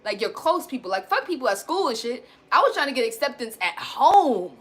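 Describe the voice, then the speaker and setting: A woman in her thirties venting candidly to her viewers, blunt and animated, swearing casually and calling them y'all. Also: sits high, a little fast. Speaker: self-help vlogger.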